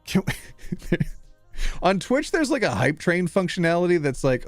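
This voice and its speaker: A bubbly man from Canada chatting casually on a live stream, quick to laugh and tease. His voice sits a touch high and swings up and down a lot. It is recorded dry and close, with faint music playing underneath. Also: sing-song, dry recording. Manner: bubbly and playful, laughs often.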